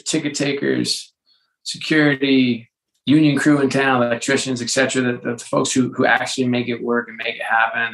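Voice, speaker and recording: Guest spot: gravelly male executive, chatty, animated, tells stories with lots of restarts. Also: medium pitch, low-quality recording. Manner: animated storyteller with frequent restarts and fillers. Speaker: interview guest, sports executive and author. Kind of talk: casual conversational interview.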